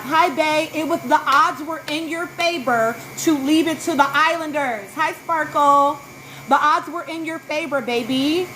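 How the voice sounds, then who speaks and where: High-voiced, fired-up woman streamer. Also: slight background noise, rough recording. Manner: animated, exasperated, profane, greets chatters by name. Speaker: livestream podcast host. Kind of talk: casual live-stream reality TV chat.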